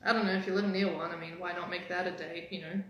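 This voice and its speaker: A woman dating coach giving energetic, teasing motivational talk on a live stream. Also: dull audio. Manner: energetic, teasing, fast-changing pitch. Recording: very echoey room.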